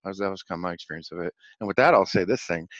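A rambling, excitable man with a lowish voice recaps events in a casual vlog, laughing often and stumbling over repeated words. The recording is dry and somewhat dull, with a lo-fi edge. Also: racing, no echo. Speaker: channel host.

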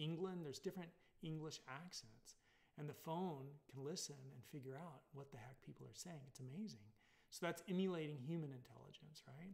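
A man's voice: fairly high pitch, gravelly. A man with a Californian accent giving a casual recorded college lecture, rambling with many fillers and tag questions. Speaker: college instructor.

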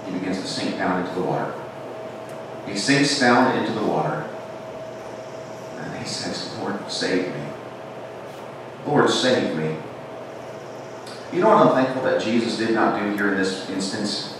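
A man preaching a sermon in a church with a Southern American accent, swinging between emphatic calls and hushed, intimate lines. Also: lowish voice, lively intonation, normal speed, long pauses, background noise. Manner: rises to emphatic preaching then drops to hushed tones. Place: church sanctuary. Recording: echoey church from far off.

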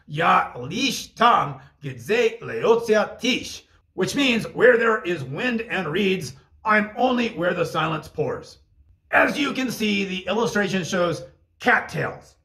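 A man's voice: high voice, gravelly, bright, forceful tone. A man narrating a scripted language lesson, reading phrases in another language and translating each one. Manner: bilingual, translating Russian phrases line by line. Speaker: language teacher.

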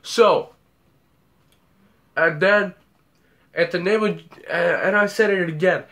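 A man's voice: high-pitched, fairly even intonation, slow pace, long pauses, a bit bright. A young man telling a story about a dream in a rambling way, repeating words and acting out the scenes. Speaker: vlogger.

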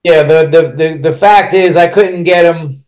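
A man's voice: on the high side, fairly even intonation, measured pace, darkish tone. A man with a slightly raised voice recounts his own life as a podcast guest. He speaks bluntly and profanely, rambling through his story and restarting sentences as he goes. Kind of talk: candid personal storytelling.

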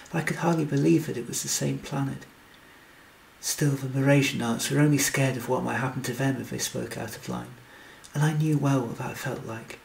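Gravelly male storyteller. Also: mid-range voice, a little hiss or hum, poor audio. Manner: steady storytelling read. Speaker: audiobook narrator. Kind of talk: scripted narration.

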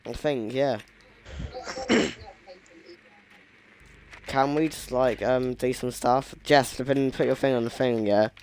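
Brief: young male gamer, joking and crude, mid-pitched, light background hiss. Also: steady tone, slow, long pauses. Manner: teasing, joking, crude banter. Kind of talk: casual chat while gaming.

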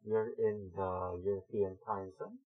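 A man streaming a game, chatting casually with viewers, excitable with sudden yelps, his voice slightly muffled by a mask. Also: sits low, a little slow, breathy edge, faint music behind. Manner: excitable, greets chat viewers by name, bursts of yelps. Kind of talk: casual live-stream chat while gaming.

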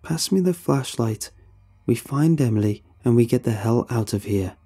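A man's voice: mid-range voice, animated, normal speed, mellow, husky, faint music behind. A man doing a terrified young man, tense. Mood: urgent shouting. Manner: speaking through gritted teeth. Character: frightened young man, tense, urging calm.

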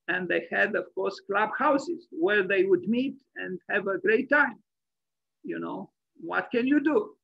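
A man's voice: high-pitched, vocal fry, no echo, lo-fi sound. A man giving an online architecture lecture as host, rambling and opinionated, with many fillers and restarts.

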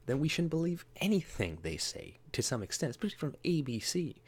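A man giving casual, rambling commentary, often laughing and mocking, who jumps into a higher voice to mimic people he disagrees with. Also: sing-song, a little fast, breathy edge. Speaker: political commentary vlogger.

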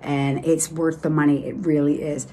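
A woman's voice: low-pitched, level tone, normal speed, warm tone, a little hiss or hum. A middle-aged woman with a Boston accent, chatting enthusiastically through a casual makeup tutorial with lots of fillers. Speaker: beauty vlogger.

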